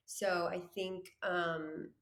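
A woman's voice: lowish voice, level tone, extremely slow, fairly bright tone, echoey room. A woman guest, a business owner, speaking candidly and earnestly in a casual interview. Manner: candid and earnest, many fillers.

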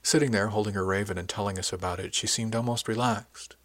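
A man narrating a first-person audiobook in a calm, even storytelling manner. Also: on the low side, quick pace.

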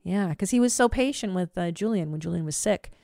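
A woman hosting a podcast, chatting casually and telling stories in a blunt, profane, animated way. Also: on the low side, brisk, dry recording, studio quality. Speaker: podcast host. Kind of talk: casual chat.

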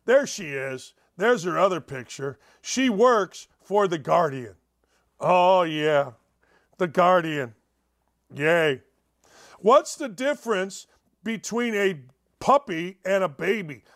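A male talk show host with a high-pitched voice reads news pieces aloud and mocks them. He is sarcastic and incredulous, one moment loud and the next muttering under his breath. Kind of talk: mocking commentary on news articles.

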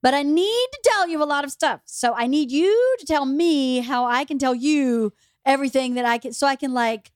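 A middle-aged woman hosting a podcast in casual chat, an animated storyteller who acts out quoted lines with big jumps in her voice. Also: high-pitched, moderate pace, no room sound, clean studio sound. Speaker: podcast host.

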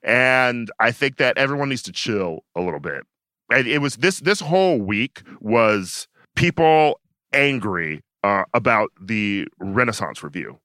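A man's voice: mid-range voice, expressive, a little slow, sharp tone, no room sound, studio quality. A man co-hosting a podcast in casual chat, opinionated and talking in long runs with many fillers and restarts. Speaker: podcast co-host.

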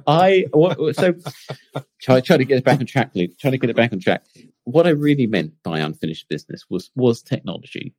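A man's voice: sits low, darkish tone. A man with a Portsmouth English accent, co-hosting a podcast in casual chat and laughing often. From England. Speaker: podcast co-host.

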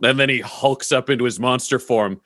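A man's voice: mid-range voice, fairly quick, sharp tone. A man describing his character's actions as a player in a tabletop game, casual and profane.

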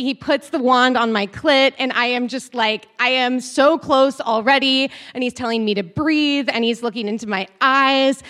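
Giggly, high-voiced woman telling a frank story. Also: a bit bright. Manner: giggly, frank, chatty with many fillers. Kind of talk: candid personal storytelling.

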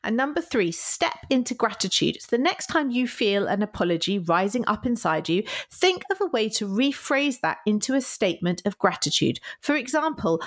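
A woman's voice: fairly high pitch, sing-song, moderate pace, hardly any pauses. A woman co-hosting a podcast in casual chat, laughing often and acting out apologetic quotes. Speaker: podcast co-host.

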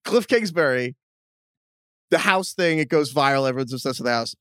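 A man co-hosting a podcast in casual chat, riffing through quick jokey tangents. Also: fairly high pitch, fairly bright tone, no room sound, studio quality. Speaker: podcast co-host.

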